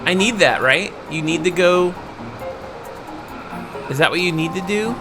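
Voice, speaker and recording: A man's voice: high voice, measured pace, music in the background. A man in his thirties with a Southern US accent, hosting a let's play and commenting on his gameplay, often frustrated and talking straight to viewers. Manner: frustrated, talks to viewers, loud outbursts.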